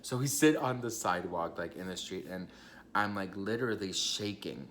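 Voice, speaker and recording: Young man dishing gossip in a lowish voice. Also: animated, moderate pace, fairly bright tone, a little hiss or hum. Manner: chatty, gossipy, swears casually and addresses the viewers directly. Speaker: vlogger. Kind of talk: casual storytime vlog.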